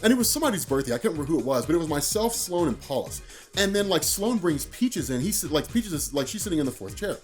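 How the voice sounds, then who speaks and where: A man in his late thirties tells a story to camera with quick, animated energy. His pitch sits slightly high and swings widely as he stumbles through restarts and a steady stream of "like". Faint music plays softly under him. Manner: animated, heavy use of "like" and restarts. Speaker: vlogger. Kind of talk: casual storytelling.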